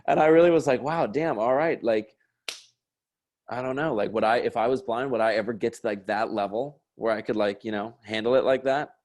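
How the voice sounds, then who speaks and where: A man's voice: medium pitch, fairly quick, darkish tone. A man in his late twenties, a sketch comedian guest, telling loose, swear-filled stories with lots of laughter. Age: late 20s. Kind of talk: casual conversational storytelling.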